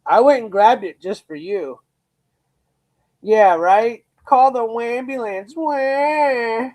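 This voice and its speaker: A man's voice: high-pitched, lively intonation, darkish tone. A man from Ohio hosting a live reaction stream. He talks casually and bluntly, swears, brags, repeats himself and uses slang like "bro" and "dude". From Lakewood, Ohio, US. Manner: slow, drawn-out talk with frequent repeats and restarts.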